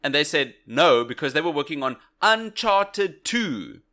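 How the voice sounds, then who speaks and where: A man's voice: fairly high pitch, measured pace. A man co-hosting a podcast in casual, jokey chat. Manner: lively and bright, jokey. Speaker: podcast co-host.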